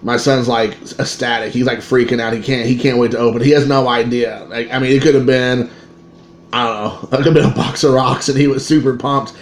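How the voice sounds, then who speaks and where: A man, a father in his thirties, telling a card-collecting story in a rambling, excitable way with many restarts. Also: medium pitch, a little fast. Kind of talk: casual storytelling to camera. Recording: echoey room with faint ambient noise.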